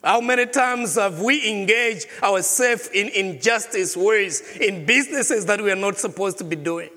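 A man's voice: high-pitched, moderate pace, bright, forceful tone, long reverb tail. A man preaching a sermon as a pastor, asking the congregation question after question. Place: church.

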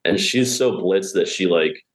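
A man's voice: low-pitched, unhurried. A man telling comedy stories in a casual chat, often laughing as he talks. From Pennsylvania. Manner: laughs through his stories. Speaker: stand-up comedian guest.

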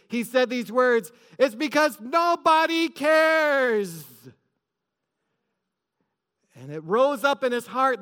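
Guy preaching a sermon, really high bright voice, long echo like a big church. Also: clean tone. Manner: preaching with rising emphasis. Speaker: pastor. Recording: echoey large hall.

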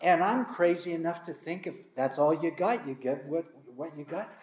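A man's voice: moderate pace, slight background noise. A man, a pastor, giving a sermon and telling candid, self-deprecating stories from his own experience. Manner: candid, self-deprecating storytelling with lively pitch. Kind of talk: sermon with personal storytelling. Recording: roomy echo.

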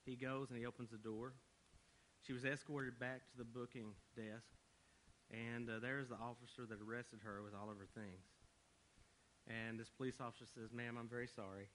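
Male pastor, mid-pitched, relaxed storyteller, light humor, earnest questions, faint hiss behind. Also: normal speed, rough recording. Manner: casual joking storytelling, then earnest rhetorical questions. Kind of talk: sermon.

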